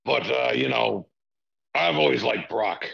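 A man doing an impression of a boastful, sleazy older wrestling boss, rambling and brash with a gravelly voice. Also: mid-range voice, fairly bright tone, highs cut off, full character voice. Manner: brash, rambling with drawn-out filler sounds.

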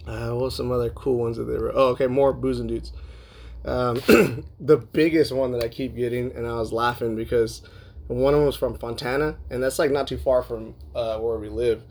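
A man's voice: medium pitch, fairly even intonation, normal speed, vocal fry, a little mellow. A man from Southern California hosting a podcast, chatting loosely and profanely with lots of fillers and laughter as he goes through listener emails. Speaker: podcast host. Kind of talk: casual podcast chat reading listener emails.

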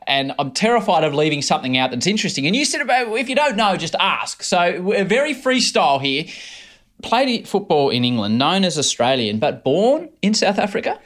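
A man's voice: on the high side, very animated, brisk. A man hosting a podcast interview, asking his guest eager, chatty questions. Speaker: podcast host. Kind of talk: casual interview.

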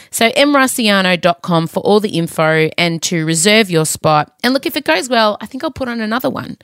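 A woman's voice: medium pitch, a bit bright, no echo, clean studio sound. A woman in her forties hosting a podcast in casual chat, candid, swearing freely and often getting emotional. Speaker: podcast host. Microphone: studio microphone.

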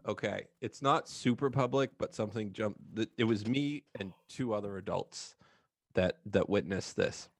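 A man's voice: lowish voice, normal speed, dry recording, studio quality. A man co-hosting a casual sports podcast, telling a funny story with lots of laughter. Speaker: podcast co-host. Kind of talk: casual chat, anecdote.

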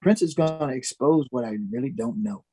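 In an interview, a Minnesota musician tells a lively story and mimics the people in it. He speaks fairly quickly in a husky, medium-pitched voice, and there's no room sound.

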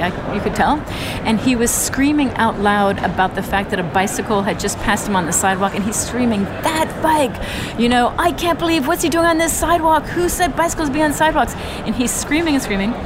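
An earnest woman in a conversational interview, recorded outdoors on a city street. Loud traffic and vehicles rumble steadily behind her mid-range voice. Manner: earnest, storytelling, restarts phrases. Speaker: interview guest, urban mobility advocate.

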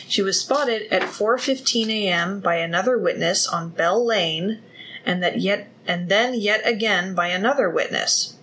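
A woman's voice: mid-range voice, pushed and bright, low-quality recording. A woman hosting a podcast, telling a true-crime case in a chatty way and breaking off for jokes. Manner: chatty, reads case notes then riffs with jokes. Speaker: podcast host. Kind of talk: casual true-crime storytelling.

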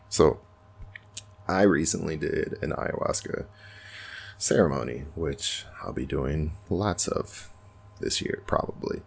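A man's voice: extremely low pitch, creaky, husky. A man hosting a podcast, talking earnestly and reflectively in a casual spiritual monologue. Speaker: podcast host.

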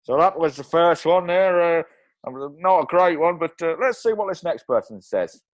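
A man's voice: fairly high pitch, lively intonation, normal speed, no room sound, lightly acted. A man voicing a brash street reporter with a Geordie accent. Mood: chirpy.

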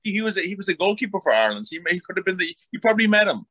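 Male interviewer, casual and joking, bright voice, dry close recording. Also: high voice, sing-song, rapid-fire, slightly rough, dry recording. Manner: joking, encouraging listener. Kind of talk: casual chat.

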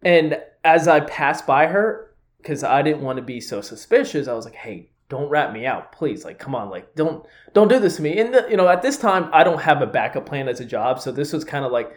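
A man's voice: fairly high pitch, lively intonation, a little fast, few pauses. A young man casually recounting a workplace story with friends, cursing freely and laughing as he talks. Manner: chatty, swears freely, laughs through his stories.

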